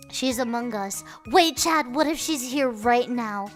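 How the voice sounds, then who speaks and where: A young woman with a high, bright-pitched voice talks to her stream at an easy, unhurried pace. She is playful and chatty, telling stories straight into a desk mic, with faint music underneath. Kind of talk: casual chat.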